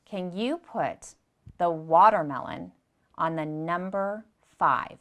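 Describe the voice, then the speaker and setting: Patient preschool teacher woman, low voice. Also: lively intonation, slow pace. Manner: gentle, patient, speaks to small children and repeats instructions. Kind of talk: slow, clear lesson for young children.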